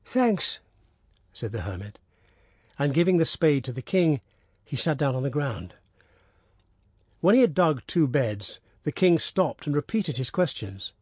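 A man narrating a storybook in a steady, measured reading. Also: mid-range voice, breathy edge, dry recording, clean studio sound.

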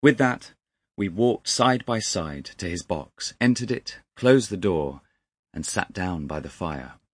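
Deep, husky male audiobook narrator. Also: expressive, dry recording, studio quality. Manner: measured, deliberate storytelling. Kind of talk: audiobook narration of a classic story.

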